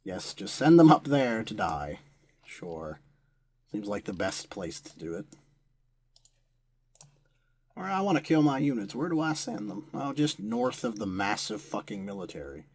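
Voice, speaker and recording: A man's voice: on the low side, big pitch swings, moderate pace, darkish tone, breathy edge. A young American man commenting on a strategy war game he is playing, sarcastic and given to swearing at the computer opponents. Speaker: gameplay commentator.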